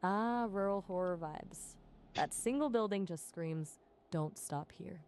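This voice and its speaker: Low-voiced playful AI woman companion. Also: unhurried, a little mellow, slight background noise. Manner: chatty, playful quips. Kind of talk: conversational AI chat.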